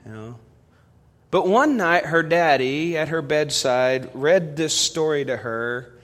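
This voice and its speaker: A man's voice: on the high side, expressive, takes it slowly. Male preacher in a reverberant church. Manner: storytelling preacher, swings from loud emphasis to hushed appeal. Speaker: pastor. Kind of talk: sermon. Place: church sanctuary. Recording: long reverb of a church hall.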